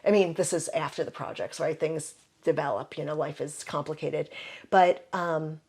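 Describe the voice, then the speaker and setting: Chatty older woman, low voice. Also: normal speed, vocal fry, a little mellow, breathy edge. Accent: American Midwestern. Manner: chatty, many "you know" fillers. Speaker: herbalist guest. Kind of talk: casual interview storytelling.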